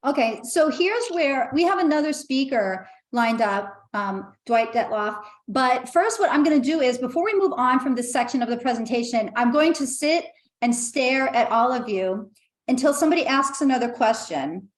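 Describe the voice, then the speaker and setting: A woman's voice: sits high, lively intonation, normal speed, reverberant. A woman hosting an online meetup over a video call, chatty and reading out comments from the chat. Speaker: meetup host.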